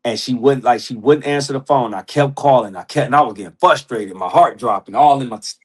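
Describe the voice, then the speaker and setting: A man's voice: medium pitch, brisk, slightly rough. A man who is a podcast guest, telling stories in casual slang, laughing often and acting out the people he quotes. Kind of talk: casual storytelling.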